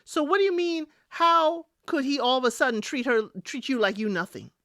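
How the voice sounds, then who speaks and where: A woman hosting a recap podcast casually goes over a reality show, speaking straight to her listeners and calling them y'all in an animated, chatty way. Her voice is high-pitched, her pace normal, and the audio studio quality with no room sound.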